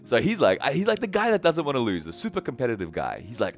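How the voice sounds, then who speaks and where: A man's voice: mid-range voice, huge pitch swings, quick pace, faint music behind. A man preaching a casual sermon, retelling a story and acting out the characters' lines in a conversational way. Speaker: pastor.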